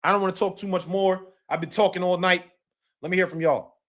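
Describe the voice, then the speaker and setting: A man's voice: sits high, steady tone, fast, a bit bright. A man hosting a casual livestream boxing talk show, emphatic and slangy, often repeating himself.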